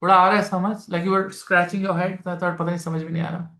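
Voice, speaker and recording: Indian-accented astrology teacher lecturing to students; mid pitch, echoey room sound. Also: little pitch movement, racing, a bit bright. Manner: explanatory, repeats key phrases, mixes Hindi into English; addresses students directly with questions. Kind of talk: live masterclass lecture.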